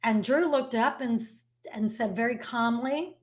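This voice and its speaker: A woman who manages an artist's business and writes about it, telling a story and giving advice to camera in a lively, emphatic way. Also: fairly high pitch, unhurried, hardly any pauses. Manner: animated storyteller, emphatic repetition.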